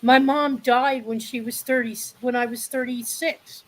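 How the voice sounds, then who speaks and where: A woman's voice: a little high, fairly even intonation, measured pace. A woman in her sixties speaking bluntly and passionately in a candid live discussion. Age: 60s. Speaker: panel guest.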